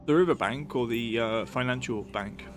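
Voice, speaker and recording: Male streamer, mid-pitched, wandering casual chat over soft game music. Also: moderate pace.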